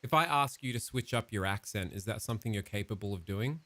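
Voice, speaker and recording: A man's voice: lowish voice, quick pace, a bit bright, no echo. A man chatting offhand with an AI and reading through a game tutorial, dry and teasing. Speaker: gamer chatting with an AI. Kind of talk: casual gameplay commentary.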